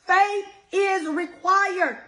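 A woman giving a casual, animated devotional sermon, talking straight to her listeners with many asides. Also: very high-pitched, very slow. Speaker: preacher.

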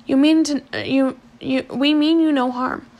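A woman reading the lines of a rough, kindly adult sailor who protects the boys, her voice louder and more urgent, high and a little gravelly. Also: steady tone, moderate pace. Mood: pleading.

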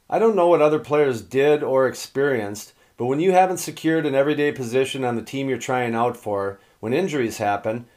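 A middle-aged man, a former hockey player, giving a steady scripted narration of his own career. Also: medium pitch.

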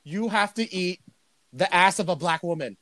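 A man's voice: high-pitched, animated, moderate pace, fairly bright tone, no room sound. A young man co-hosting a casual podcast, talking in loose, profane, joking rants. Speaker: podcast co-host. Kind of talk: casual crude podcast chat.

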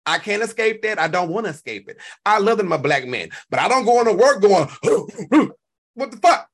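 A man, hosting a live stream and reacting to chat in an animated, profane, talk-back way. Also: high-pitched, fast. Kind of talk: casual live stream commentary.

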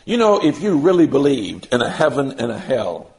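A man preaching a sermon, stressing key words slowly and mixing in folksy everyday examples. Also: mid-range voice, big pitch swings, creaky, a little mellow, low-quality recording.

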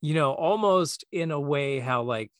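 A man co-hosting a podcast, talking in a relaxed, easygoing way and thinking aloud with plenty of filler words. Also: on the high side, unhurried, dry recording, clean studio sound. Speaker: podcast co-host, voice actor. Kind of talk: casual podcast chat.

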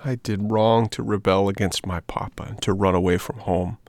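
A man voicing a hungry, desperate wooden puppet boy, speaking softly and anxiously. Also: lowish voice, fairly even intonation, moderate pace, no room sound, studio quality, close to an everyday voice. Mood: despairing.

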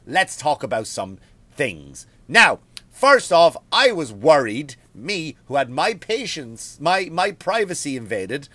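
An Irish man, a comedian and podcast host, telling a story as a profane, animated comedic rant from home. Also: fairly high pitch, slow pace, no echo. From Ireland.

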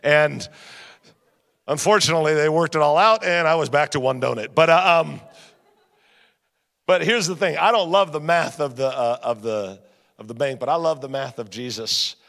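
A man preaching a sermon as a guest pastor, with repeated refrains and storytelling, jumping from loud punchy emphasis to quiet, low-spoken lines. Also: moderate pace, creaky. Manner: energetic preaching, swings between loud emphasis and quiet drops. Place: church sanctuary. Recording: long reverb of a church hall.

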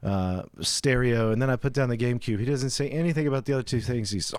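Recorded with clean studio sound and no room echo, this man speaks fast in a medium-pitched, slightly mellow, clean voice. Co-hosting a casual chat, he tells a long, rambling anecdote and acts out the quotes of the people in it.

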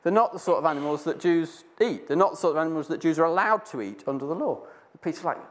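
A man's voice: a little high, animated, fast talker. A man telling a Bible story in casual talk, rambling with many restarts. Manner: rambling with many restarts, acting out voices in quotes. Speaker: speaker sharing a Bible reflection.

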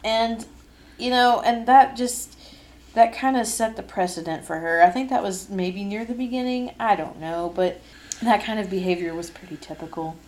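A young woman hosts a casual podcast in her own voice. She sits in the middle of the pitch range. She is an animated storyteller who laughs easily. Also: moderate pace. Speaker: podcast host.

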